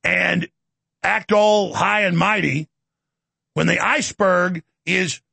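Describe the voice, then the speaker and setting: Brief: male talk host, ranting and sarcastic, high voice with gravelly fry, dry close sound. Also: fairly even intonation, sharp tone, no echo. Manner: combative, sarcastic, rapid-fire. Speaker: show host. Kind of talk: ranting political commentary.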